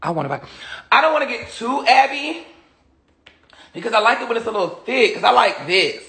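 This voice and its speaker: A sassy woman chats casually on a phone livestream. Her voice sits a little high and swings widely in pitch, with a bright, sharp edge and a gravelly texture. She laughs often and answers viewer comments. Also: a little fast. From Atlanta, USA. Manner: sassy, animated, laughs often, breaks into song.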